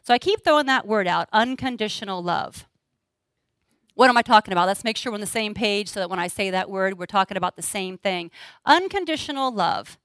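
A woman's voice: mid-range voice, brisk, a bit bright, dry recording. A middle-aged woman speaking earnestly to an audience, sharing personal stories and acting out dialogue. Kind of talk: talk to a live audience.

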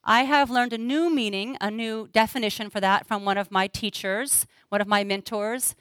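A woman's voice: a little high, steady tone, moderate pace, a bit bright, smooth, no echo. A middle-aged woman speaking earnestly to an audience, sharing personal stories and acting out dialogue. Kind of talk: talk to a live audience.

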